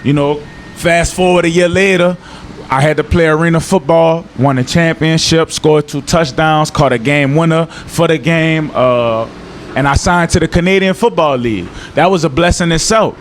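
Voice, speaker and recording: A young man with a New Orleans accent, chatting casually as an interview guest, laid-back and slangy, sometimes dropping to a low earnest tone. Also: normal speed, a little hiss or hum. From New Orleans, Louisiana. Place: outdoors in Miami.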